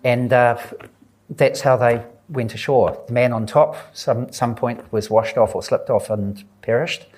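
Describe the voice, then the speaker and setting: A man, an author telling a story at a live book event, earnest and unhurried, voicing the people he quotes. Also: medium pitch, fairly even intonation, darkish tone. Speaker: author guest at a book talk. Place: live audience event indoors.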